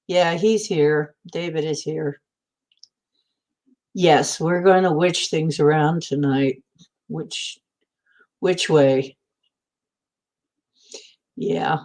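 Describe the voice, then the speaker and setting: Woman host just chatting, slow and rambly, lots of um and you know. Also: fairly low pitch, mellow. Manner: meandering, chatty, many fillers. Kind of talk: rambling casual chat.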